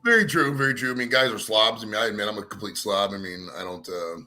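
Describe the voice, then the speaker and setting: A man's voice: lowish voice, quick pace, sharp tone, faint music behind. A man in a casual whisky chat, ranting crudely and animatedly, with lots of swearing.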